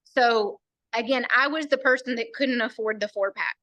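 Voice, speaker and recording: A woman tells a long personal story with earnest feeling, slipping into the voices of the people she quotes. Her voice is bright and fairly high. The sound is dry and close. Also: moderate pace, no echo, highs cut off. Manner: earnest storytelling, quoting others. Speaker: team member sharing a story. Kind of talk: personal testimony on a team call.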